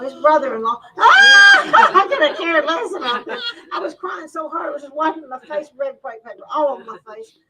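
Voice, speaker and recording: A woman, telling a personal story to a crowd in a lively way, laughing often and acting out what people said. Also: high-pitched, far from the mic, heavy background noise. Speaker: guest speaker. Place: boutique store event.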